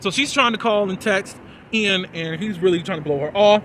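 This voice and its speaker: Man, casual episode recap, high bright voice, chatty, faint traffic noise outdoors. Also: normal speed. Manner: chatty, animated, lots of fillers and "da, da, da". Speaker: TV episode reviewer.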